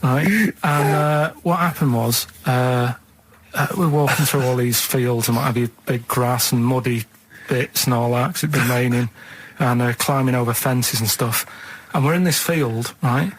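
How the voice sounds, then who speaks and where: A man's voice: medium pitch, fairly even intonation, moderate pace, rough recording. A man with a Mancunian accent telling a rambling, hesitant anecdote in a radio studio, often tagging sentences with "right?". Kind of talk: rambling anecdote in casual chat.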